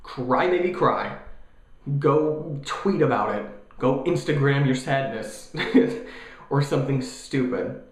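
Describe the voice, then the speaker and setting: A young man in his twenties ranting casually in a vlog, animated and jokey, mocking other people's voices. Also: medium pitch, takes it slowly, reverberant. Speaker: vlogger.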